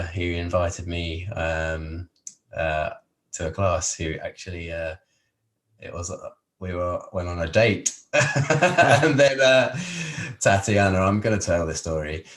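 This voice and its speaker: A podcast guest from England chats casually in an interview, rambling with many fillers and restarts in his English accent. His voice sits low and is a bit bright, heard in a roomy space with slight background noise.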